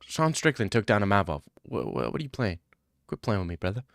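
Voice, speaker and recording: A man's voice: fairly low pitch, huge pitch swings, brisk, gravelly, no room sound, studio quality. A man streaming live and answering chat in a sarcastic, mocking way. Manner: sarcastic, mocking, jumps into put-on voices. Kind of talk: casual livestream chat.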